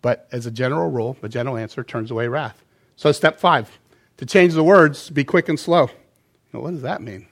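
Middle-aged male pastor mid-sermon, lively delivery with sudden loud and soft swings. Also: mid-range voice, moderate pace. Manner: animated, swinging between loud emphasis and quiet asides.

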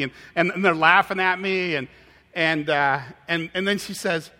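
A man preaching a sermon, telling a story in an animated way with frequent halting restarts. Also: on the high side. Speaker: pastor. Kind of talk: sermon with personal anecdote. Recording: hall with long reverb.

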